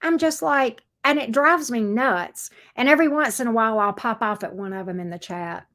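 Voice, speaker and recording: A woman's voice: fairly high pitch, moderate pace, hardly any pauses, a bit bright. A woman, hosting a casual tarot livestream, talking bluntly and reading viewer comments aloud. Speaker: tarot reader livestream host.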